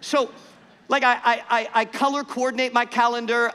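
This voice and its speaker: A middle-aged man preaching a sermon, telling an animated, self-mocking story in a conversational way. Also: very high-pitched, normal speed, clear, resonant tone. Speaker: pastor. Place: church sanctuary. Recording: church hall reverb.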